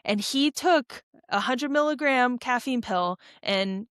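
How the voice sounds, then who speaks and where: A woman's voice: fairly high pitch, lively intonation, slow, fairly bright tone, clean tone, dry recording, clean studio sound. A young adult woman, a podcast guest, telling a long story in a casual, rambling way with lots of fillers and restarts. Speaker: podcast guest, ultra runner.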